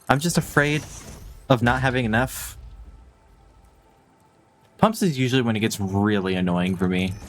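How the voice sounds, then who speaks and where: A man's voice: mid-range voice, moderate pace, long pauses, slight background noise. A man streaming a game live, chatting casually in a playful, jokey, self-deprecating way and laughing often.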